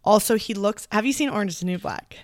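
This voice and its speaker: A woman's voice: medium pitch, fast, dry recording. A woman co-hosting a podcast, telling a candid, amused story in casual chat. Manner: candid storytelling with frequent laughs. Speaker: podcast co-host.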